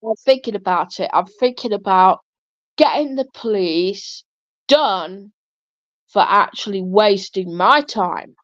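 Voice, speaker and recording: A woman's voice: mid-range voice, animated, slow, no echo. A woman hosting a livestream who is losing her voice, earnestly explaining at length. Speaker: livestream host. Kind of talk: livestream chat. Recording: muffled lo-fi stream audio.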